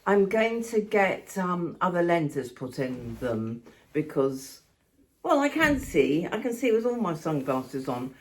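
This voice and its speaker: A woman's voice: fairly low pitch, big pitch swings, slow pace, darkish tone. An older woman from England chatting casually to her phone camera, rambling and affectionate, walking about outdoors and at home. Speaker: vlogger.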